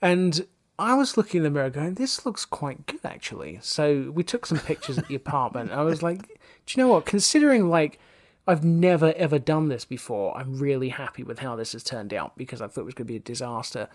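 A man, a podcast guest telling a casual anecdote, acting out his own quotes with big leaps in pitch and swearing freely. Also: brisk.

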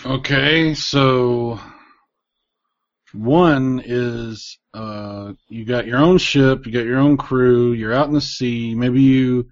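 A man with a mid-pitched voice, talking loosely and at length, with plenty of filler and sudden excited jumps. The sound is close and dry, with almost no room on it. It also has the dull, muffled top of a lo-fi recording. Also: slow, dry recording. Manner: rambling, animated, swears freely. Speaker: podcast panelist. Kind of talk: casual group chat.

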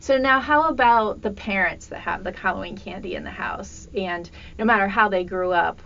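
A woman's voice: mid-range voice, moderate pace, vocal fry, fairly bright tone. A middle-aged woman hosting a casual conversation, chatty, laughing easily and asking questions. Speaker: podcast host. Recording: dull lo-fi audio with faint noise.

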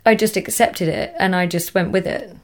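A woman's voice: mid-range voice, steady tone, normal speed. Young woman, English accent, casual guest chat, laughs often, trails off. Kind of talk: casual conversation.

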